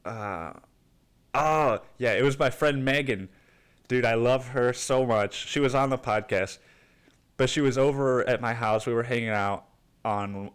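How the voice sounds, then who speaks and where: A young man with the sniffles talks slowly through a rambling podcast monologue. He swears freely and drops slang constantly. His pitch sits in the middle of the range. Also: clear, resonant tone. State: sniffly with a cold. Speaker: podcast host.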